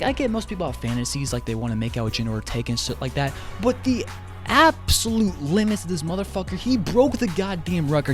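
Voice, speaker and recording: A man ranting in an online commentary video, exasperated and swearing heavily as he jumps between tangents. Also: high-pitched. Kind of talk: profane commentary rant.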